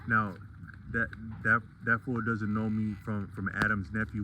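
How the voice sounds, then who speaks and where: A man's voice: lowish voice, level tone, a little fast, background noise. A man talking through a casual vlog monologue, digressive and full of restarts and fillers. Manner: rambling and digressive, many restarts.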